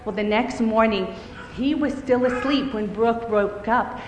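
A woman telling a children's story in a lively, expressive way. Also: a little high, unhurried, a little hiss or hum. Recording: echoey hall with faint ambience.

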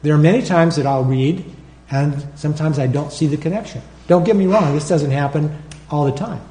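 A man preaching a sermon as pastor, animated, acting out his own prayers and calling out to the congregation for responses. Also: a little high, fairly quick, echoey room.

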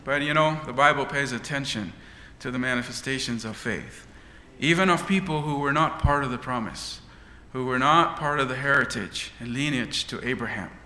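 A man's voice: mid-range voice, normal speed, bright, forceful tone. A man preaching a sermon with dramatic, rising and falling delivery. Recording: echoey church hall.

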